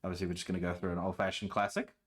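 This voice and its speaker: A man streams from home, chatting playfully and casually with viewers in a low voice, talking very fast over background noise. He's animated and quotes lines in different voices.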